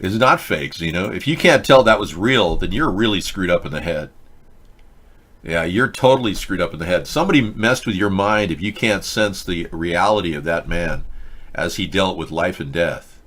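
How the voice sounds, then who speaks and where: A man's voice: deep voice, animated, moderate pace, fairly bright tone. A man hosting a live video-chat show, commenting indignantly and answering viewers. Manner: indignant, rambling, talks back to chat. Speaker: host.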